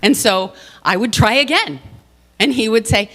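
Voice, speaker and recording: Woman speaker at a church service, lively storyteller who laughs at herself, voice ringing in a big reverberant hall. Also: a little high, moderate pace. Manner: animated, laughing, self-mocking storytelling. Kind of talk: storytelling sermon. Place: large hall. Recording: long reverb of a large hall.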